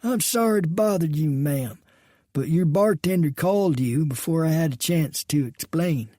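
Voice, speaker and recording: A man's voice: a little high, lively intonation, normal speed, dark tone, no echo, studio quality, voice pushed up. A man voicing a polite, wary, gray-haired older gunman in an audiobook western.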